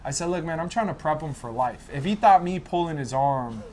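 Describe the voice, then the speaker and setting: A man, a guest in a barbershop chair, casually telling a lively family story and acting out the voices in it. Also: on the high side, brisk. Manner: animated, acts out family dialogue.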